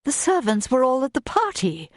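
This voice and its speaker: A woman's voice: high-pitched, big pitch swings, moderate pace, no echo, clean studio sound, voice pushed up. A woman voicing a frightened, earnest young governess who pleads in a raised, distressed voice in an audiobook.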